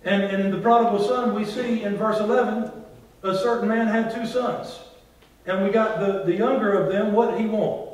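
A man preaching a sermon as pastor, drawing responses from the congregation and swinging between loud and hushed delivery. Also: high-pitched, steady tone, normal speed. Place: large church hall. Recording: very echoey church hall, from far off.

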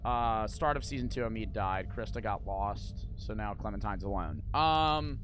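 Excitable, foul-mouthed young male streamer. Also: on the low side, normal speed, few pauses. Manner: excitable and profane, swinging into repeated shouted bursts. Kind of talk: live gameplay commentary. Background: game music.

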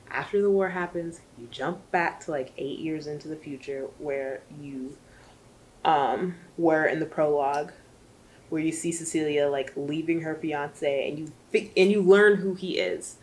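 A woman reviewing a book in casual chat, chatty and emotional, rambling with lots of fillers. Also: low voice.

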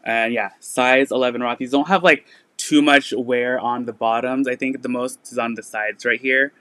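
A man hosts a casual live sale stream, chatting easily with plenty of "um" and "like" as he goes. His voice is bright and smooth, recorded close and dry with no room echo. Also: mid-range voice, fairly even intonation, normal speed. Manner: chatty, lots of "like" and "um" fillers. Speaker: online resale seller.

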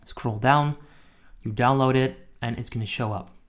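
A man's voice: medium pitch, fairly even intonation, measured pace. A man giving a casual tutorial review of a program, talking conversationally and correcting himself mid-sentence. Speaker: software reviewer. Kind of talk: casual screen-recorded tutorial.

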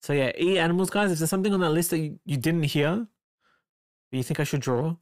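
An artist with an Australian accent chatting casually with a livestream chat while drawing, with bursts of excitement when reading chat and quiet muttering while working. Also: mid-range voice, fast. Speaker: artist streaming a drawing session.

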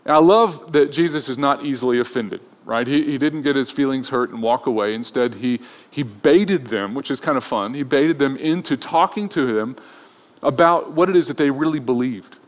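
A man's voice: medium pitch, normal speed. Conversational male pastor with long reverb. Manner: conversational, acts out voices in retold scenes. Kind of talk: Easter sermon.

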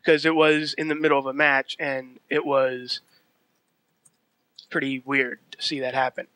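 A man's voice: medium pitch, flat delivery, a little slow, sharp tone, dry recording. A man co-hosting a casual podcast, explaining himself with restarts and nervous laughs. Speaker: podcast co-host.

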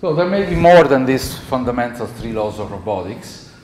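A man teaching a university class speaks with an Italian accent, keeping the lecture conversational and checking in with students often. His mid-range voice has lively intonation, a moderate pace, and a darkish tone, captured in an echoey hall with faint noise.

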